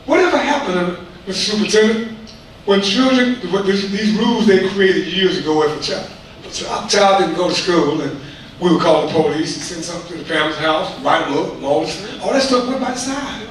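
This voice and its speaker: Fairly quick and high-pitched, a male community member lectures a school board with impassioned, preachy remarks, repeating himself in colloquial phrasing. The audio comes from afar in a hall full of echo, with a little noise.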